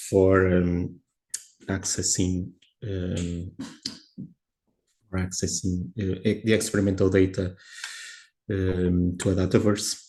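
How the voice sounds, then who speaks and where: A man's voice: deep voice, darkish tone. A man giving a presentation on a video call, hesitant and full of fillers and restarts. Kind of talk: online meeting presentation.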